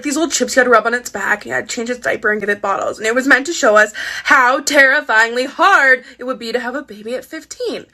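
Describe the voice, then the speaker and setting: Bright-voiced woman with a wry story. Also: fairly high pitch, vocal fry. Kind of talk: casual storytime.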